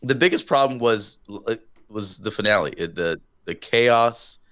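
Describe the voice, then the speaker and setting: A young man co-hosting a casual movie review podcast, animated, swearing and laughing often. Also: fairly low pitch, a little slow, highs cut off. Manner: animated, swearing, breaks into laughter and mock voices. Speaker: podcast co-host.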